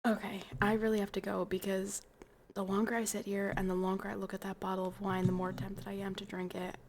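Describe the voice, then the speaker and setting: A tipsy young woman hosting a livestream, chatting in a rambling, playful way that trails into soft mumbles. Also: medium pitch, little pitch movement, brisk, slight background noise. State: tipsy from wine. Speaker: livestream host. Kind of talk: casual chat to stream viewers.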